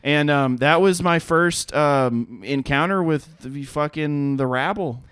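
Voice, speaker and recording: Animated profane man telling a story. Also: fairly high pitch, takes it slowly, clean tone, no room sound, studio quality. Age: 30s. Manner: animated, profane, laughs often, acts out quotes. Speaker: podcast co-host. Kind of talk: casual chat, storytelling.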